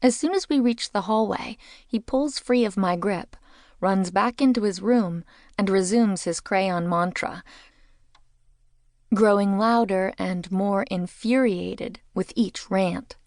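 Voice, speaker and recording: A woman's voice: medium pitch, slow, darkish tone, no room sound, studio quality. A woman narrating a mystery audiobook in the first person, with a wry, conversational telling.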